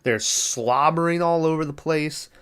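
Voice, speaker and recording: A man's voice: on the high side, a little slow, a bit bright, clear, resonant tone. A man hosting a podcast, retelling a movie plot in a loose, rambling way, full of filler words and swearing. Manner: rambling, filler-heavy, profane, laughs at the film. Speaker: podcast host. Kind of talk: casual movie recap.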